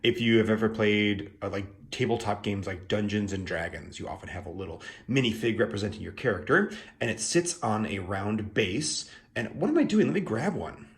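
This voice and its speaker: A man's voice: fairly low pitch, normal speed, hardly any pauses. A man hosting a casual tarot video, explaining things in a playful, chatty way with plenty of asides and fillers.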